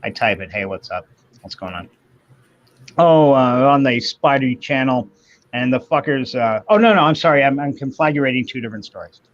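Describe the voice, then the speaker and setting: A man's voice: medium pitch, animated, brisk, no echo. A man in his fifties hosts a casual livestream, swearing freely as he rants through a long story. His voice sits in an ordinary middle register. The audio comes through a little muffled and dull. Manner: profane, ranting storyteller. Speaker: livestream host. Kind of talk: casual chat. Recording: slightly muffled stream audio.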